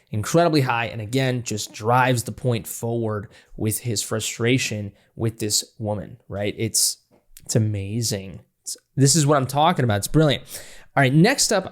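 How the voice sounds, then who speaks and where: A man hosting a music reaction channel, analyzing a song in casual, enthusiastic, rambling talk with frequent restarts. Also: medium pitch. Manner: enthusiastic, rambling with restarts, breaks into scatting and laughter.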